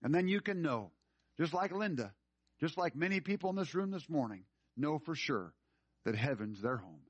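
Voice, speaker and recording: A male pastor preaching to his congregation, moving from a plain story into urgent, emphatic appeals. His voice sits a little high for a man. The recording is dry and a bit muffled. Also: big pitch swings, moderate pace, breathy edge, dry recording. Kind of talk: sermon. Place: church room.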